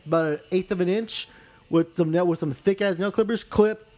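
A man on a podcast telling a long story casually, rambling and profane, loudly acting out his own cries. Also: high-pitched, a little fast. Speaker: podcast co-host.

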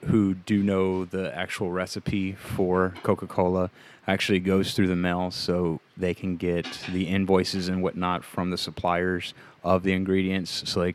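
A man's voice: deep voice, monotone, moderate pace. A man co-hosting a casual podcast from home on a desk microphone, joking around. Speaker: podcast co-host. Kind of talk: casual chat. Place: home room, recording a podcast. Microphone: desk microphone on a stand.

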